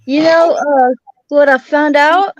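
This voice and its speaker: Woman, fairly high voice, unhurried, giggly, dry close sound. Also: no echo, muffled recording. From Alabama. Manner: giggly, relaxed. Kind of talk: casual chat.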